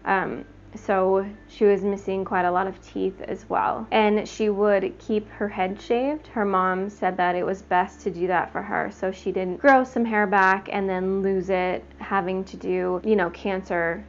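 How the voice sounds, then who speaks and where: A woman's voice: medium pitch, steady tone, unhurried, hardly any pauses, dull audio, a little hiss or hum. A woman hosting a true crime show, telling the story in a chatty, conversational way. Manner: chatty, conversational, frequent "like" and "you know".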